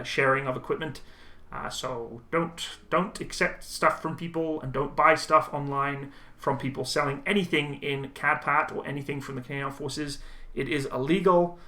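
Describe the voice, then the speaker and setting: A young man casually reading and answering viewer chat on a live stream, relaxed and chatty with frequent ums and laughs. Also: medium pitch, moderate pace, hardly any pauses.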